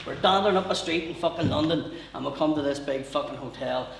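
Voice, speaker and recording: Brash Northern Irish stand-up comic. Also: male voice, fairly high pitch, fast, vocal fry, reverberant, far from the mic, slight background noise, low-quality recording. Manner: brash, sweary storytelling. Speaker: stand-up comedian. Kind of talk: stand-up comedy routine. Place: live comedy venue.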